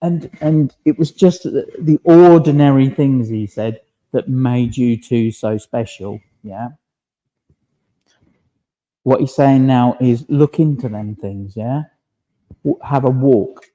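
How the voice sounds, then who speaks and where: The recording has its highs cut off and comes from a church service in a village hall. There, a male medium speaks slowly at medium pitch, gently relaying spirit messages and tacking a questioning "yeah?" onto nearly every phrase.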